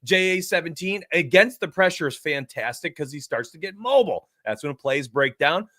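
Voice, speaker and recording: An excitable man hosting a live sports betting show, talking straight to his chat with lots of hype. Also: on the high side, no room sound, clean studio sound. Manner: excitable, hype-driven, addresses chat directly. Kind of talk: energetic live-stream betting talk.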